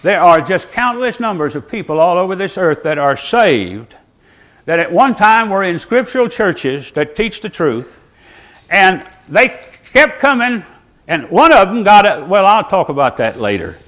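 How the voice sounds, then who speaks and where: An old man, his fairly high voice swooping up and down with lively emphasis. He talks in a folksy way, mixing scripture with joking asides to his congregation. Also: measured pace. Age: 80s. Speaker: pastor. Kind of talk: sermon. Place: church, seated before the congregation.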